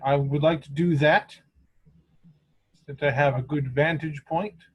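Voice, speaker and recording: A man's voice: fairly high pitch, fairly even intonation, a little slow, breathy edge, dull audio. Hesitant man checking the rules. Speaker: player. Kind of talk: tabletop game chat.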